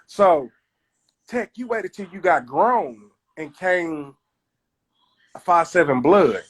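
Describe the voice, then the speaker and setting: Husky man chatting casually. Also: high voice, lively intonation. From Kansas City. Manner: storytelling, does quick voices of others. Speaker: comedian hosting a live stream. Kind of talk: casual chat.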